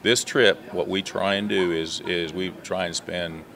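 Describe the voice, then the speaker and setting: A man's voice: deep voice, steady tone, a little slow, creaky, a bit bright. An American man who leads a student agriculture tour, answering interview questions earnestly and advocating for farming, with some restarts. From USA.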